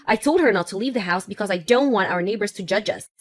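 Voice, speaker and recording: A woman's voice: medium pitch, animated, quick pace, lightly acted. A woman voicing a cruel, self-centered divorced mother who mocks and taunts in a text-message story. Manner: mocking, self-satisfied. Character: cruel selfish divorced mother, vain and scornful. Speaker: ex-wife.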